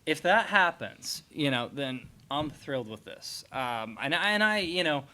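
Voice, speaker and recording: Man, slightly raised pitch, animated chatty sports podcast host. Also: unhurried. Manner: animated, chatty, many fillers. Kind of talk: casual sports chat.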